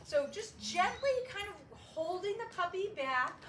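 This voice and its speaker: A high-pitched woman trainer talks in a lively, swooping voice and bursts into excited praise for the puppies. She sounds a little far from the mic, in an echoey room with faint noise. Her delivery is an instructive walkthrough of training steps. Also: a little slow, few pauses. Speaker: dog trainer. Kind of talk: demonstrating training.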